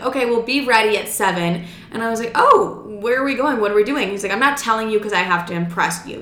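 A woman's voice: a little high, pushed and bright, roomy sound. A woman in her twenties telling a dating story casually, chatty and profane, acting out the dialogue as she goes. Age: 20s.

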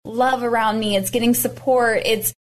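An animated woman co-hosting a podcast in a casual conversation. Her voice sits fairly high, and she often acts out the reactions she quotes. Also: normal speed. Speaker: podcast co-host.

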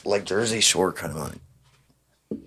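A man's voice: low-pitched, slow, pushed and bright, slight background noise. A young man hosting a casual podcast chat, joking and teasing with a rambling, offhand delivery. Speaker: podcast host.

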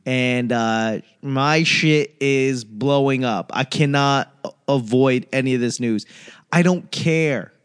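A man's voice: medium pitch, slow pace, clean tone. A man hosting a casual solo talk show, ranting on tangents with profanity and sarcastic mimicry. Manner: rambling tangents. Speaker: solo podcast host.

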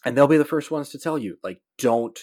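A man hosting a casual podcast chat about tabletop games, talking in an animated, emphatic way and swearing now and then. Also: a little high, fast talker, dry recording, clean studio sound. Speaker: podcast host.

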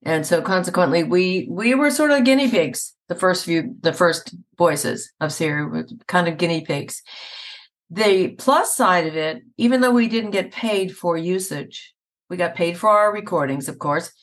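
A woman's voice: lowish voice, expressive, normal speed. A middle-aged woman voice actor chatting in an interview, telling stories and laughing often. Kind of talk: casual interview conversation. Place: Atlanta area.

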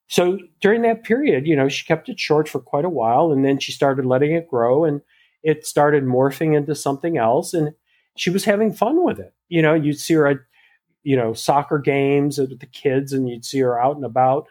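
A man's voice: fairly high pitch, moderate pace. A man, a hairstylist, telling a story casually in an interview and acting out both sides of the conversation, with many fillers and restarts. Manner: animated retelling that acts out both sides of a dialogue; frequent "you know" fillers and restarts.

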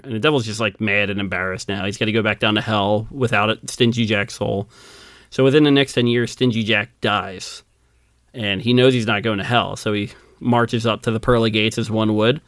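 Male podcast co-host, low voice, dry close mic, chatty storyteller who does little character voices. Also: fairly even intonation, brisk, a bit bright, no echo. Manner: laughs often, acts out quoted characters. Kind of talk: casual storytelling chat.

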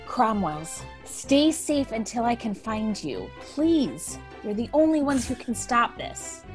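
A woman's voice: fairly high pitch, sing-song, slow pace, soft background music. A woman voicing an imprisoned young man who pleads and cries out in agony. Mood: weary.

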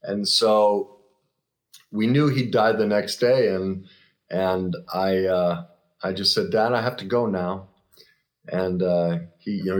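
A middle-aged man telling a personal story as a guest, earnest and reflective, often pausing and restarting. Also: lowish voice.

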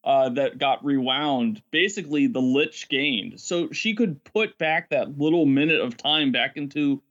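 A man telling stories as a game master in a casual podcast chat, rambling and animated, often laughing. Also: mid-range voice, a little slow, highs cut off.

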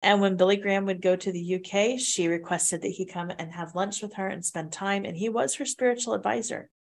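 A woman co-hosting a casual chat, telling stories in a chatty, animated way. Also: mid-range voice, a little fast. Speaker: co-host.

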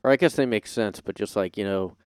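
Smooth-voiced man rambling casually. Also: on the low side, fairly quick, a little mellow, no echo, clean studio sound. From United States. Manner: rambling, joking, self-deprecating, many fillers. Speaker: podcast host. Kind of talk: casual rambling solo chat. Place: his own room. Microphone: streaming setup microphone.

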